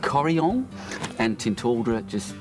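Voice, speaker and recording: An Australian man talking casually in an interview, relaxed and hesitant with fillers. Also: medium pitch, slow pace, music in the background. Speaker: poet.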